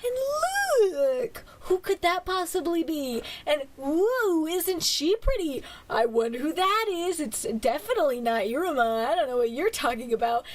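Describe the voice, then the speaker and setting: A woman's voice: sits high, sing-song, a little slow, few pauses. A tired woman streamer recapping a manga in casual chat, gushing, laughing often and swearing freely. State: tired, yawning. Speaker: virtual streamer reviewing manga.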